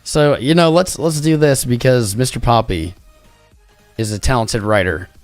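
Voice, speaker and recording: A man's voice: mid-range voice, moderate pace, no room sound, faint music behind. A tired man hosting a livestream, chatting casually in a rambling, jokey way. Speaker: crypto livestream host.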